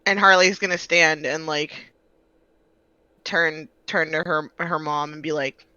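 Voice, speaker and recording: A man plays a tabletop role-playing game, brash and eager as he jumps into the action. His voice is high and bright, with a sharp edge to it. It is recorded close and dry. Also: steady tone, a little slow, smooth, dry recording, lo-fi sound. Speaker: player. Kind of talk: casual tabletop play.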